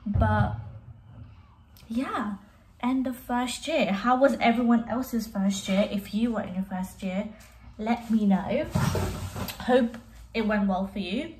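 A woman's voice: on the high side, takes it slowly, long pauses, rough recording. A young woman chatting casually in a vlog, rambling and giggly, filmed on a handheld phone out and about. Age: young adult. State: out of breath. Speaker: vlogger. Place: outdoors on busy streets and in a restaurant. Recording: loud street crowd and traffic behind.

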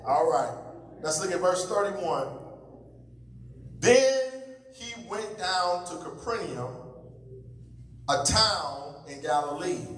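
A man preaching a sermon as pastor, with call-and-response lines to the congregation, swinging between loud calls and low asides. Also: animated, slow pace, pauses often. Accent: American. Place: large church sanctuary. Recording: echoey hall from far off.

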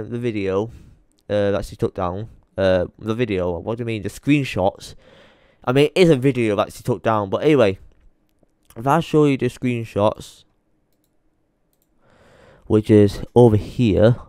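A man's voice: mid-range voice, a little slow, warm tone, clean tone, no room sound, clean studio sound. A young man ranting to camera, rambling and swearing as he mutters to himself while searching his computer late at night, tired. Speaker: YouTuber. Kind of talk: frustrated rant to camera.

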